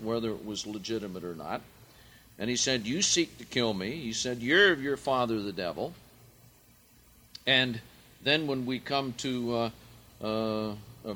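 A man leading a verse-by-verse Bible study, speaking deliberately and swelling loud and emphatic when he quotes scripture. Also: medium pitch, a little hiss or hum. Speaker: Bible teacher.

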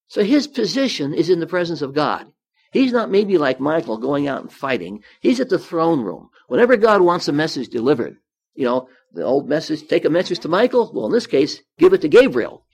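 A man's voice: fairly high pitch, sing-song, moderate pace, breathy edge. A man giving a Bible study sermon, reading scripture aloud and then explaining it in his own words, with some restarts. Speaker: Bible teacher.

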